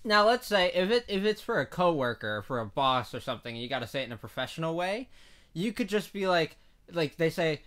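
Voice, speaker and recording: A man's voice: on the high side, fast talker. A man co-hosting a casual comedy podcast, telling jokes with a straight face and then laughing at them. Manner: playful, deadpan jokes that dissolve into laughter. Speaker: podcast co-host.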